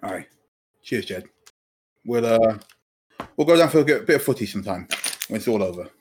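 A man's voice: lowish voice, expressive, fairly quick, darkish tone, husky. A man, playing a tabletop game in character, brash and joking. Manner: brash, joking, laughs often. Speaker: player.

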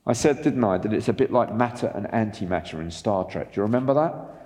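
A man preaching a sermon as pastor, animated and asking the congregation rhetorical questions. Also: lowish voice, fast, long reverb tail.

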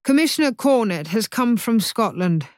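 A man's voice: high voice, animated, moderate pace, no room sound, clean studio sound, pitched above the performer's own voice. A woman voicing an eager older father. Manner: formal and eager to please.

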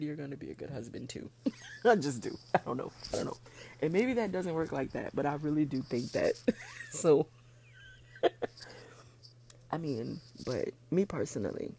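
A woman's voice: low voice, normal speed, creaky, dark tone, slight background noise. A woman hosting her own podcast in a casual, frank solo chat, laughing often and getting emotional. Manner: heartfelt, gets emotional. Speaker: podcast host.

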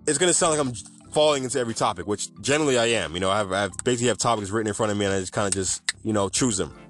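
A man's voice: on the low side, very fast, faint music behind. A man hosting a podcast off the cuff, chatty and rambling, often correcting himself mid-sentence. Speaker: podcast host. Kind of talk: unscripted cannabis news podcast.

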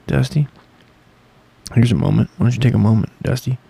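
A man's voice: mid-range voice, normal speed, gravelly, mellow, husky. A man hosting a podcast, rambling sarcastically and swearing constantly. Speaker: podcast host. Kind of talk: casual profane monologue.

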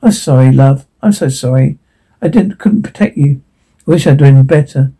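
A man doing a hushing young mother, husky voice. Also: mid-range voice, moderate pace. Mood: sorrowful. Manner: soft, hushing. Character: tender frightened young mother soothing her baby.

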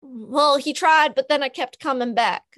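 A woman's voice: high voice, normal speed, a bit bright, dry recording, studio quality. A woman voicing an annoying, lonely young male imp demon with a Southern accent and a whiny, childish manner.

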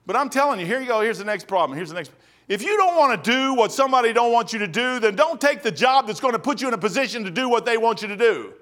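High-voiced, folksy male preacher. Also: animated, fast, a bit bright. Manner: folksy, rambling storytelling with acted-out voices. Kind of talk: sermon.

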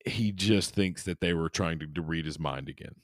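A man's voice: rumbling low, moderate pace, no echo, clean studio sound. A man hosting a paranormal podcast, retelling a story with goofy, irreverent asides. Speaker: podcast host.

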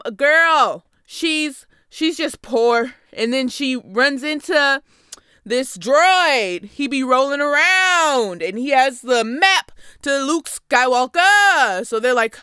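A woman's voice: high-pitched, expressive, takes it slowly, sharp tone, no room sound, clean studio sound. A young woman hosting a casual comedic film review from a basement podcast setup, sassy and playful, with sudden whooping outbursts. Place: basement home studio.

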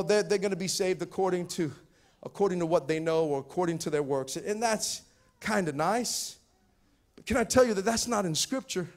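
A male pastor preaching a sermon, stammering and repeating words, building to shouted fervor. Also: sits high. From Pacific Islands. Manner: repetitive stammering restarts, rising to shouting fervor.

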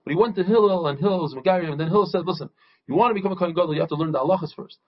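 A husky man with a fairly high voice teaches a daily Talmud lesson. He retells its stories with energy and briefly acts out each quoted speaker. The recording sounds dull and lo-fi. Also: very fast. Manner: lively storytelling, acting out quoted speakers.

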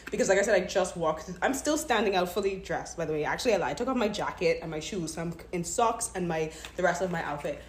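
A woman's voice: expressive, fast, hardly any pauses, roomy sound, a little hiss or hum. A woman giving a candid, emotional devotional talk at home, recorded on a phone. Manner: candid, emotional storytelling, breaks into higher pitch when retelling prayers. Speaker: faith podcaster. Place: at home, just came in the door.

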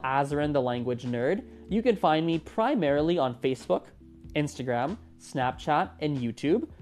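A podcast host in their twenties, talking casually and with animation on a solo episode. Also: mid-range voice. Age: 20s. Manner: chatty and animated, with a lively rising delivery.

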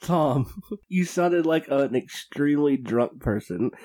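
A podcast co-host who teases the others in an amused, easygoing tone. The voice is mid-pitched and comes through a desktop USB mic. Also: lively intonation, slow, warm tone. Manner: teasing, amused. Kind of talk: casual chat. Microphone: USB desktop microphone.

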